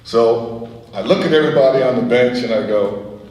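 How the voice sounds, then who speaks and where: A middle-aged man giving a guest speech at an event, telling anecdotes in a lively way and chuckling often. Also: medium pitch, normal speed, a little hiss or hum. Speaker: guest speaker. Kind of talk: storytelling speech. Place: event hall. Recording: echoey hall, voice from far off.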